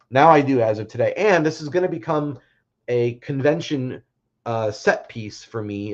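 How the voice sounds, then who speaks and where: A man's voice: medium pitch, a little mellow, muffled recording. A man hosting a casual livestream, chatting in a rambling way with many fillers and restarts. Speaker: livestream host.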